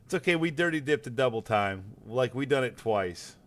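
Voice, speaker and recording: A man's voice: mid-range voice, lively intonation, normal speed, a bit bright. An American man streaming a game, chatting casually, rambling with repeated words and cursing freely. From United States. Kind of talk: casual gaming chat.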